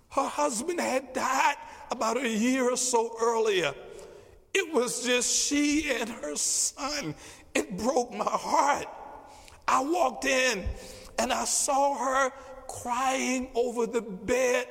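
High-voiced pastor preaching slowly in a hall. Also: male voice, creaky, fairly bright tone. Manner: emphatic, repeats key phrases slowly. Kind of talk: sermon. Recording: long reverb of a large hall.

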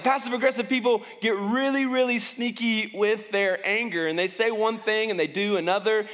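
A man's voice: high voice, brisk, fairly bright tone, in a large hall. A man preaching as a pastor, talking conversationally and often restarting his sentences. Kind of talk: sermon.

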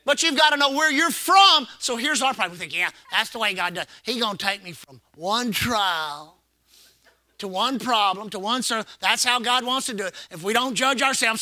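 A man's voice: very high voice, lively intonation, normal speed, sharp tone, no room sound. A man preaching a sermon as pastor, repeating phrases and calling the congregation to respond. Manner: preaching with call-and-response and repetition.

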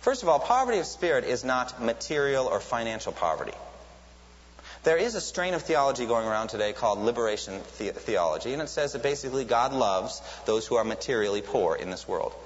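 A man's voice: mid-range voice, sing-song, brisk. A man preaching a sermon in an earnest teaching tone, lifting his voice sharply when he quotes a cry. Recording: lo-fi recording with long hall reverb and faint hiss.

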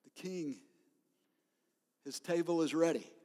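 A man preaching a sermon as a pastor, telling stories in an animated way and laughing often. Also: fairly high pitch, slow. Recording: long hall reverb.

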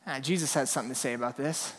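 A man's voice: mid-range voice, racing. A male pastor preaching a sermon in a church, telling stories and acting out scenes. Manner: animated storytelling, acts out scenes. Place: church sanctuary. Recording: long reverb in a large hall.

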